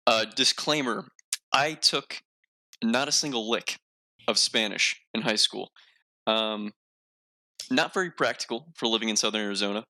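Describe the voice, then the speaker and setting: Podcast host, male, gravelly, bright tone, rambling, self-mocking. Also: lowish voice, normal speed, pauses often. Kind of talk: casual podcast chat.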